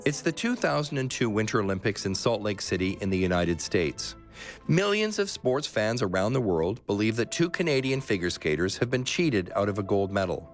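A man hosting and narrating a radio sports documentary, telling the story in a measured, expressive way and asking interview questions. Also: on the low side, soft background music. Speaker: host and narrator.

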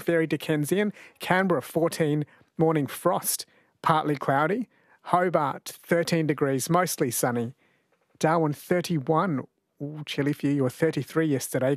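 A man hosting a radio quiz, talking in a chatty, jokey way. His voice sits a little high, and the close studio mic sounds dry. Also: no room sound. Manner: chatty, jokey, laughs easily. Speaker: radio host. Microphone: studio microphone.

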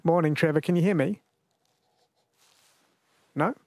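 A man hosting a late-night radio quiz, chatty and quick to laugh, slowing down to read each question. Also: a little high, a little mellow, dry recording. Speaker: radio host. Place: radio studio. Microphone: studio microphone.

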